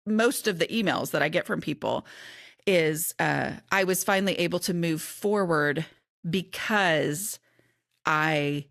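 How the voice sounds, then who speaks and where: A woman's voice: on the low side, measured pace, vocal fry, a bit bright, dry recording, studio quality. A middle-aged woman, an author and podcast guest, talking in a chatty, candid way and often interrupting herself. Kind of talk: casual conversation.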